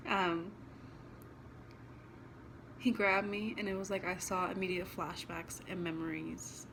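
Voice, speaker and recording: Woman vlogger, casual storytime delivery, plain everyday pitch, blunt and emotional. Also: fairly even intonation, normal speed, vocal fry, pauses often, noisy background.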